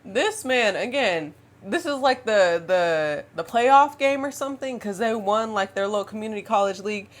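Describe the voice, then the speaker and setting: Young woman in her 20s spilling a dating storytime, chatty, animated, keeps saying y'all and girl, laughs a lot. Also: mid-range voice, moderate pace, few pauses. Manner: laughs often while telling. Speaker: vlogger. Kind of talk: casual storytime vlog.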